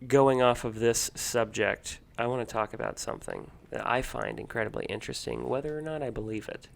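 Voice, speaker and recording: Male co-host, mid-pitch, jokey and loose. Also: sing-song, a little fast, creaky, a little hiss or hum. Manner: loose and jokey, swearing casually. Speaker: podcast co-host. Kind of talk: casual chat.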